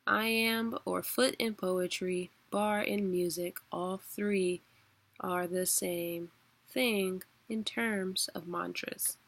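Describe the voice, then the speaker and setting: A young woman teaching a weekly online class in a relaxed, chatty way, laughing often. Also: lowish voice, slow pace, creaky, a little hiss or hum. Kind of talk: casual spoken lesson.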